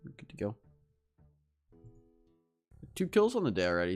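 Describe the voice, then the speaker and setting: Man, very low voice, casual live-stream chat, profane rambling anecdotes, loud background game music. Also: wildly swooping pitch, normal speed. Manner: swears freely, tells rambling anecdotes; chats with viewers between fights. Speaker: livestreaming gamer.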